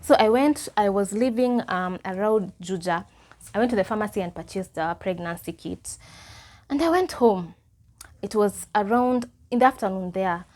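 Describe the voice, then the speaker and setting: Casual and animated, this young vlogger from Kenya shares something personal in Kenyan-accented English sprinkled with Swahili. Her pitch sits in the middle and her pace is moderate.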